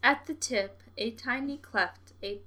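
Bright-voiced young woman reading aloud. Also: a little high. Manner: reads in a slow, deliberate cadence, breaking into giggles. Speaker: podcast co-host reading a story aloud. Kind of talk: reading aloud on a livestream, with joking asides.

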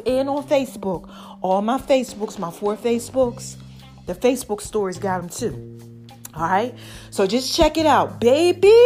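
Breathless chatty woman podcaster, high voice. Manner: animated, calls listeners baby and y'all. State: short of breath. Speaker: podcast host. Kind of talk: casual chatty monologue.

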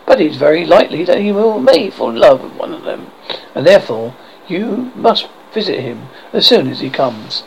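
Brief: reader playing an eager, insistent mother; animated, lightly gravelly voice. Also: mid-range voice, normal speed, muffled recording, slight background noise. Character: fussy excitable middle-aged mother. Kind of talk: audiobook character reading.

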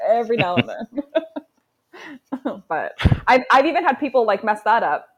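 A woman's voice: on the high side, big pitch swings, measured pace, dull audio. A woman co-hosting a podcast in casual chat, telling stories animatedly and laughing often. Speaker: podcast co-host.

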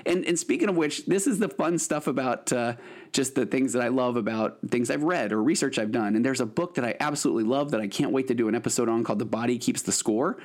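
A man's voice: mid-range voice, fast. A man in his late forties, a therapist hosting his own podcast, telling a story casually with lots of restarts and fillers. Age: 40s. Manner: animated, rambling with frequent restarts and fillers.

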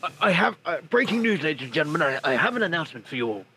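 A man doing a comic impression of a pompous, stammering male politician making announcements, with a husky voice. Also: a little high, big pitch swings, rapid-fire, sharp tone, a little hiss or hum, exaggerated voice.

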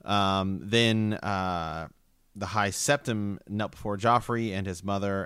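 A man's voice: on the low side, steady tone, slow pace, fairly bright tone, clear, resonant tone, no room sound, clean studio sound. A man reading a novel aloud in a casual book chat, hesitant, with fillers and restarts. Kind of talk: casual book discussion with read-aloud passages.

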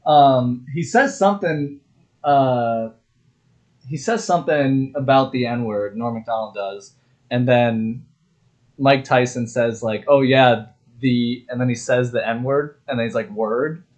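A man's voice: medium pitch, slow. A young man co-hosting a casual podcast, telling stories with energy, acting out quotes and laughing often. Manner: lively storyteller who acts out quotes and laughs often. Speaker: podcast co-host. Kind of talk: casual chat.

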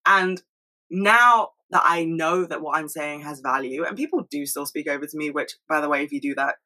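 A young woman talking fast and rambling in a casual monologue at home, swearing freely. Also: deep voice, pushed and bright, rough recording. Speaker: solo podcast host.

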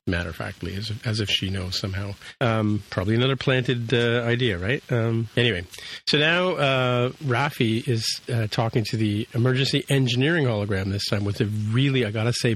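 A man's voice: medium pitch, a little fast, fairly bright tone, husky, poor audio. A man hosting a podcast, casually retelling a TV episode scene by scene, with lots of fillers and restarts. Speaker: podcast host recapping a TV episode. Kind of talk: casual chat.

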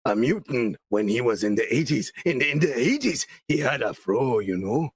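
A man co-hosting a podcast in casual chat, swearing a lot and talking excitably, saying he is high. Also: normal speed, slightly rough, no room sound. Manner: profane, animated, excitable. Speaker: podcast co-host.

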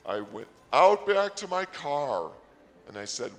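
带回声的男人讲荒诞故事. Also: male voice, a little high, measured pace, big-room sound, soft background music. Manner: rambling, absurd, excitable. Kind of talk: comic storytelling bit.

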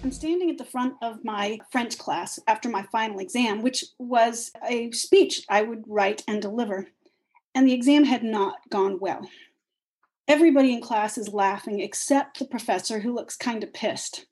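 A woman telling a funny personal story with a wry, lively manner. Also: fairly high pitch, moderate pace, soft background music, low-quality recording. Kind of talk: personal story told on stage.

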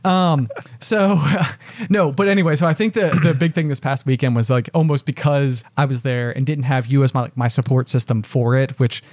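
A man in casual podcast chat, rambling and self-deprecating, filling his speech with "like." His pitch sits mid-range. The recording is dry and close to the mic. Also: fairly even intonation, normal speed, a little mellow, no room sound. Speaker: podcast co-host. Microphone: podcast mic with headphones.

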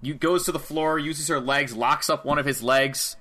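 A man talks through a wrestling match in loose, casual chat. His voice is bright and forward. He laughs often and drops into quick acted lines for the wrestlers. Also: on the high side, steady tone. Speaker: podcast co-host.

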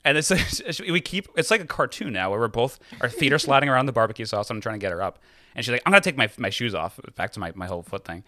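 A man's voice: mid-range voice, fast talker, dry recording, clean studio sound. A man co-hosting a podcast, telling a story in casual chat and cracking jokes. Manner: animated, joking. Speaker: podcast co-host.

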